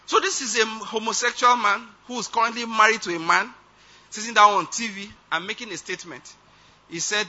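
A man's voice: high voice, brisk, pushed and bright. A man preaching a sermon, emphatic and often checking that his listeners follow. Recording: dull lo-fi recording.

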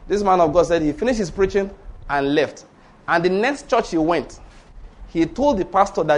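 A man preaching a storytelling sermon, swinging between hushed asides and loud exclamations. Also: high-pitched, animated, normal speed.

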